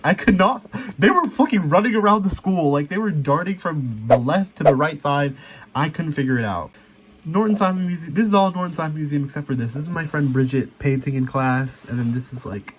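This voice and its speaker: A man's voice: medium pitch, a little hiss or hum. A young man rambling casually through a sketchbook tour voice-over, full of fillers and restarts. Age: young adult. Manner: rambling, filler-heavy, chatty. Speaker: vlogger.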